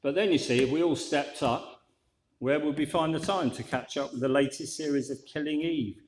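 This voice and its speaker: Preacher in a roomy church. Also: male voice, a little high, moderate pace. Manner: conversational with dry, wry asides. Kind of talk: sermon.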